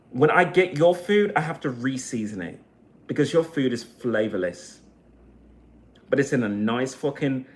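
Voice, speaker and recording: This guy vlogs a heated solo tirade packed with swearing, alternating between loud eruptions and softer, feeling-heavy moments. His voice lands in the middle range.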